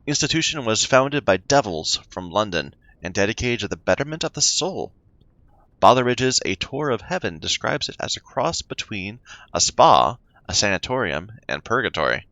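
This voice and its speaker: Let's-play gamer, man, lowish voice, reads game text and stumbles over odd words. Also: sing-song, normal speed, sharp tone, no echo. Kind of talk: reading game text aloud with commentary.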